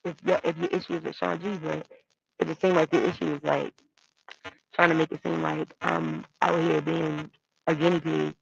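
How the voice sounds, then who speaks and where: A woman's voice: deep voice, steady tone, normal speed, vocal fry. A woman calling in to a stream, defending herself and repeating her points, heard over a glitchy, muffled microphone. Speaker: call-in guest. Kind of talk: heated casual chat. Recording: muffled glitchy call-in mic.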